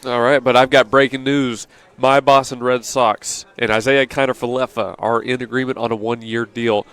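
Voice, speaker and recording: Male sports talk host, chatty and brisk, mid-pitched. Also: little pitch movement, fairly bright tone, clean tone. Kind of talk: casual sports radio talk. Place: restaurant.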